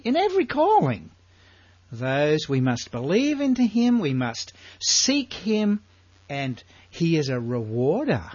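Older aussie man preaching, lively swooping pitch, husky voice, muffled dry sound. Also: dry recording. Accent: Australian. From Australia. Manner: animated, rhetorical questions, drawn-out emphasis. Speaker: Bible teacher. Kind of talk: sermon.

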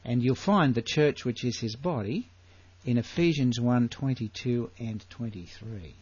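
An older man with an Australian accent teaching the Bible in a sermon, full of rhetorical questions and drawn-out emphasis. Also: mid-range voice, a little mellow, breathy edge, no room sound, dull audio.

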